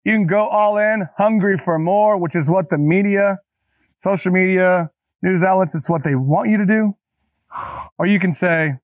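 A man's voice: high-pitched, moderate pace, no echo. A man preaching a conversational sermon, talking straight to his listeners and repeating key phrases for emphasis. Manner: casual, talks directly to listeners. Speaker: pastor.

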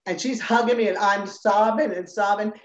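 In a remote interview with roomy, slightly dull audio, an older woman who once danced as a Rockette tells her story. Her voice sits in the mid range at a moderate pace. She's an animated storyteller, voicing the people she quotes and laughing often.

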